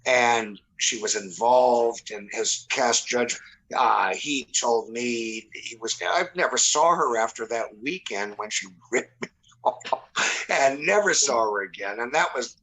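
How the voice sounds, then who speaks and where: Older male guest, sixties, bright tone, chatty and rambling with many restarts. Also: medium pitch, slow, low-quality recording. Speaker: podcast guest. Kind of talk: casual chat.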